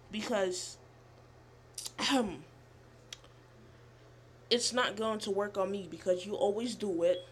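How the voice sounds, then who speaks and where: Young woman rambling thru a story on her vlog, animated, swears a lot, bit of faint hiss. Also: mid-range voice, takes it slowly, pauses often. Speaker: vlogger.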